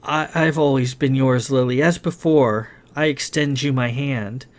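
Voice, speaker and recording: A man's voice: mid-range voice, steady tone, lightly acted. A man reading a stammering bewildered nobleman. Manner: halting, stammering. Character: bewildered young nobleman searching a haunted ship.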